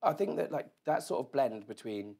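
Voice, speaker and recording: A man's voice: mid-range voice, lively intonation, normal speed, gravelly, dark tone, husky. A man guest chatting casually in front of an audience, telling rambling self-deprecating stories full of "like". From England. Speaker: interview guest. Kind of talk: casual storytelling chat. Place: event room with live audience.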